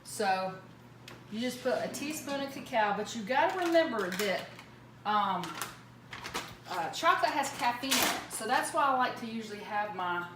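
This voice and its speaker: A woman talks through a recipe in her home kitchen, chatty and rambling, full of fillers and side remarks. Her voice sits at a middle pitch. The room is echoey, she stands away from the mic, and background noise runs loud. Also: lively intonation, normal speed, recorded from a distance. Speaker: home cook demonstrating a recipe. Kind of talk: casual cooking demo. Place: home kitchen with running water.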